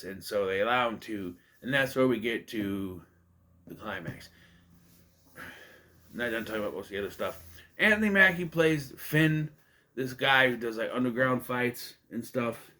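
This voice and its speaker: A man's voice: medium pitch, animated, moderate pace, long pauses, a bit bright. A man casually reviewing a movie, rambling and conversational with many fillers and restarts. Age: adult.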